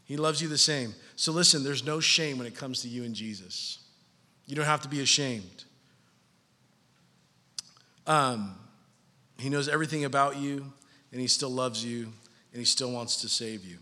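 A man in his thirties preaching a sermon, animated, shifting from soft and low to loud and high. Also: moderate pace, long pauses. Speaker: pastor. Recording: long hall reverb.

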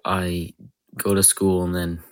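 A man's voice: deep voice, monotone, slow, no room sound, clean studio sound. Sleepy, hesitant teenage boy. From Canada. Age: teen. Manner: quiet, hesitant, short answers. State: just woke up. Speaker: guest. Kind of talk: casual interview answers.

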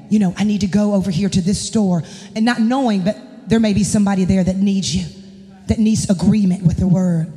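A woman's voice: on the high side, darkish tone. Impassioned woman preaching in echoing church. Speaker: pastor's wife and worship leader. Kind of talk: sermon. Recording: long echoing reverb of a church hall.

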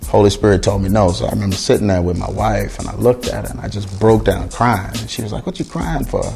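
This middle-aged music producer talks fast in a lowish voice with some vocal fry. Telling his story in conversation, he performs the voices of the people he quotes in a lively retelling.

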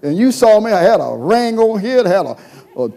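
A man preaching a sermon as pastor, moving between hushed passages and shouted calls. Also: sits high, big pitch swings, a little fast. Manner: call-and-response preaching, swings from soft to shouting.

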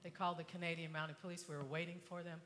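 A woman's voice: fairly low pitch, flat delivery, fast, a little hiss or hum. Impassioned older woman speaking in a hall. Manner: impassioned, swinging from hushed to shouting. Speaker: inspirational speaker. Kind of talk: motivational talk to an audience.

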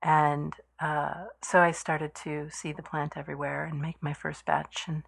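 A woman in a casual conversation, telling a personal story haltingly with many pauses and fillers and laughing easily. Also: deep voice, flat delivery, creaky, breathy edge. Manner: hesitant, with many fillers and restarts, quick to laugh.

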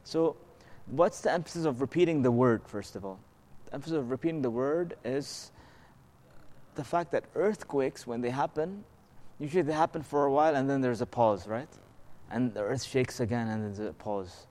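A man's voice: mid-range voice, normal speed, a little mellow. A man giving a conversational religious lesson. He explains patiently, asks rhetorical questions and keeps checking in with his listeners. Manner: slips into melodic Arabic recitation of verses. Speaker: religious teacher.

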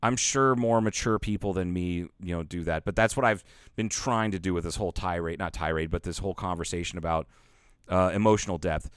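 A man's voice: deep voice, brisk, clear, resonant tone, dry recording, studio quality. A man co-hosting a podcast, telling a long rambling story in casual chat, swearing freely and acting out the lines. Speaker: podcast co-host.

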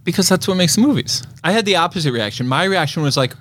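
A man's voice: high voice, lively intonation, a bit bright, dry recording. Laid-back man on a dry close mic. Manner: laid-back, lots of quick agreeing. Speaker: podcast co-host. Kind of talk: casual chat.

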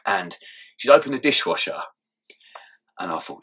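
A man's voice: lowish voice, lively intonation, moderate pace, fairly bright tone, husky. A young man telling his story in a casual interview, swearing and laughing as he goes. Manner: swears often and laughs through his story, mumbling asides. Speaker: interview guest.

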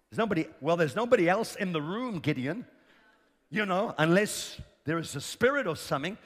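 In a large hall with long reverb, a man with a very high, animated, slightly bright voice preaches a sermon at normal speed. He is emphatic, repeats lines for effect, and calls on the congregation to respond.

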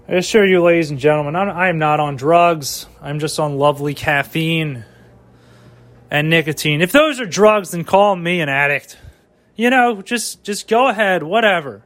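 A man talking in his home kitchen, his voice sitting a little high. He rambles loosely, swears freely and chats away to himself as he goes. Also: a bit bright. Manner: rambling, profane, talks to himself. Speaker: vlogger and amateur stand-up comic. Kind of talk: rambling casual monologue.

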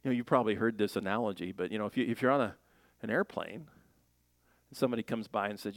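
A man preaching a sermon in a lively, joking way, slipping into playful voices as he makes his points. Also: fairly low pitch, very fast, no echo. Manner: animated, jokey preaching with playful voices and laughs. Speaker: pastor.

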